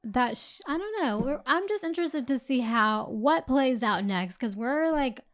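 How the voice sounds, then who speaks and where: A woman's voice: high voice, animated, moderate pace. A woman co-hosting a casual book club podcast, reacting and sharing her own thoughts on the reading. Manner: reacting, relating the story to herself. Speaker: podcast co-host.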